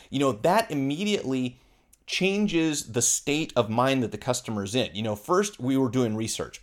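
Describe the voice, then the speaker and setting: A man's voice: medium pitch, moderate pace. A man who runs a phone repair shop, giving casual business advice and acting out customer exchanges, with plenty of fillers. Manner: conversational, acts out customer dialogue with fillers. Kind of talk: casual instructional talk.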